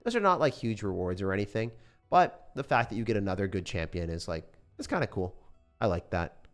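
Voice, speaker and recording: A young man streaming a game, chatting casually in a relaxed, rambling way with lots of fillers. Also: lowish voice, brisk. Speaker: gaming streamer. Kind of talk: casual sponsored stream chat.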